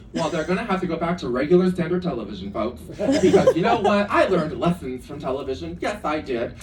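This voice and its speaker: A man doing a stand-up comedy set in a club, campy and self-deprecating, chatting with lots of asides. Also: high-pitched. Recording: echoey club room, distant mic, audience noise. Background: audience laughter.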